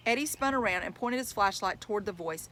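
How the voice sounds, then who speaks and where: A woman's voice: mid-range voice, animated, brisk, fairly bright tone, a little hiss or hum. A woman reading a novel aloud, telling it in plain first-person storytelling. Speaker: reader.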